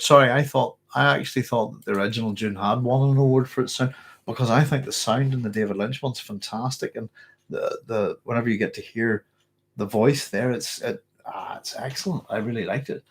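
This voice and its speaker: A man with a low, husky voice runs a casual live-stream Q&A. He reads out viewer comments, thinks aloud and cheerfully corrects himself along the way. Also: brisk. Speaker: host answering viewer questions.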